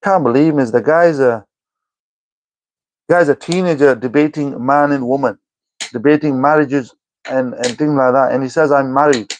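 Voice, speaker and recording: A man's voice: medium pitch, steady tone, moderate pace, long pauses, a little hiss or hum. A young man livestreaming, reading viewer comments aloud and answering them in an exasperated, scolding way. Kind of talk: live chat reading and replying.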